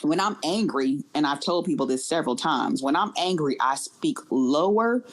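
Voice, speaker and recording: A woman from Chicago, a guest on a talk show, speaking earnestly and quickly in a low voice. She often stops and repeats words as she works to get her point across. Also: animated. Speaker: guest, airline professional. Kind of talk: casual interview talk.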